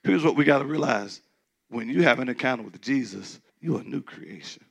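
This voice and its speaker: A man preaching a sermon as pastor, in a loose conversational way, who acts out doubters in a shrill mocking voice. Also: animated, brisk, vocal fry. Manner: conversational preaching, mimics skeptics in a high squeal.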